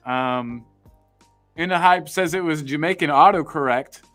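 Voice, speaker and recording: American dude hosting a chat, kinda high voice, rambles and repeats himself, some music under it. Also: male voice, unhurried, a bit bright, no echo. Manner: rambling, repeats words, upbeat. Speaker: podcast host. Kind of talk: casual chat reading live comments.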